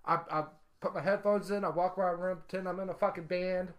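A man's voice: high voice, fairly even intonation, fast. A man co-hosting a podcast in a loose, casual way. He rants and curses freely between stretches of easy banter. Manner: profane, ranting. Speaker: podcast co-host. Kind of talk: casual chat.

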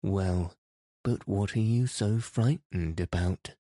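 A man's voice: low voice, slow pace, mellow, no room sound, clean studio sound. A man reading a kind elderly grandmother. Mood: coaxing. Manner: kindly, earnest. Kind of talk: audiobook character reading.

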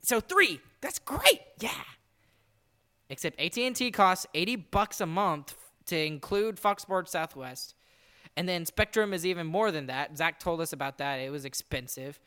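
A man's voice: a little high, lively intonation, moderate pace, sharp tone, clear, resonant tone. Rambling, exasperated male podcast host. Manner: rambling, exasperated, laughs often. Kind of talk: casual chat.

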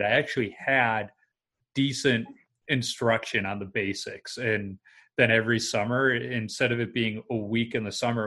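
A man's voice: on the low side, bright, forceful tone. A man hosting a casual conversation and telling chatty anecdotes.

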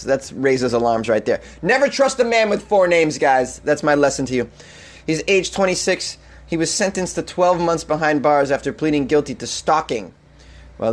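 A man hosts a comedy news podcast, reading strange headlines and cutting in with incredulous, mocking remarks. His voice sits a little high for a man. He laughs often as he riffs. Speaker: podcast host.

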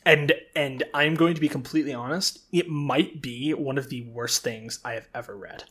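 A man's voice: medium pitch, normal speed, fairly bright tone. A man co-hosting a podcast, bantering bluntly with frequent laughs and swearing. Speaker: podcast co-host. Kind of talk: casual banter.

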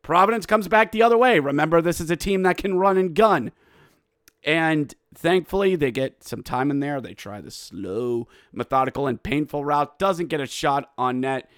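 A man hosting a hockey podcast, recapping a game with excitable, mock-outraged play-by-play and shouting at the big moments. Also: a little high, moderate pace, clear, resonant tone, no room sound, clean studio sound. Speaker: podcast host.

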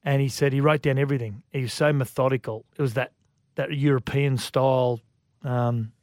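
An Australian man co-hosting a sports radio show, telling stories in a lively way and acting out quotes. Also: mid-range voice, brisk, no room sound, studio quality. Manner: lively storyteller, acts out quotes. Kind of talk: casual sports radio chat. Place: radio studio. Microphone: studio microphone.

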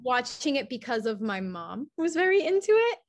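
A woman's voice: high voice, big pitch swings, brisk, no room sound, studio quality. A young woman co-hosting a podcast, candid and giggly. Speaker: podcast co-host. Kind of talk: casual podcast chat.

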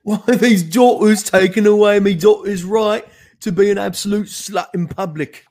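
A man putting on a high, exaggerated British bloke's voice in mockery. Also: flat delivery, a little slow, clean tone, no room sound, studio quality, lightly acted. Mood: outraged.

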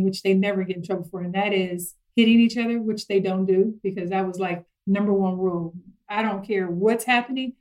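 A middle-aged woman chatting casually about parenting, telling stories lively and acting out her kids' voices. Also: medium pitch, low-quality recording. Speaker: guest parent.

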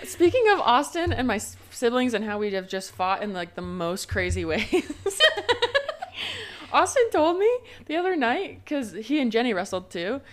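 A young woman co-hosting a casual chat podcast, telling family stories in an animated way with plenty of fillers. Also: a little high, faint music behind. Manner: animated storytelling, quick laughs, filler-heavy. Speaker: podcast co-host.

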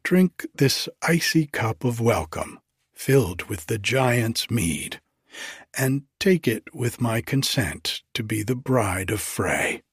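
Brief: man playing a stubborn giant maiden, whispered role-play, husky and slow. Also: mid-range voice, animated, no echo, clean studio sound, full character voice. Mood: defiant. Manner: defiant, hushed. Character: obstinate young giantess maiden.

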